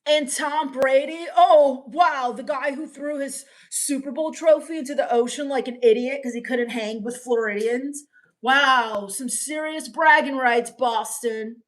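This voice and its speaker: A young woman streaming in character, deadpan and sulky, sarcastically complaining while reading chat comments aloud. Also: high voice, normal speed, few pauses. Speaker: comedic livestreamer reading chat. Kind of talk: in-character comedy livestream.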